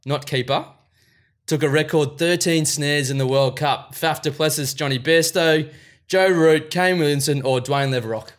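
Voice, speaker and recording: A man co-hosting a casual podcast, joking as he runs a quiz. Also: fairly high pitch. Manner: joking, brisk quizmaster. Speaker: podcast co-host running a quiz.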